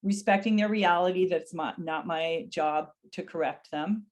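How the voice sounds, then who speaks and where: A middle-aged woman with a somewhat low voice teaches a webinar on caring for people with dementia. She speaks earnestly and unhurriedly, and her voice lifts when she acts out the phrases a caregiver might say. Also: normal speed. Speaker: dementia care educator. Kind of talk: educational webinar talk.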